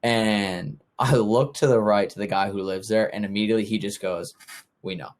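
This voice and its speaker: A man's voice: lowish voice, fairly even intonation, normal speed. A young man hosting a podcast, telling casual stories and acting out what others said. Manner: easygoing storytelling with acted-out quotes. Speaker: podcast host. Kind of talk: casual chat.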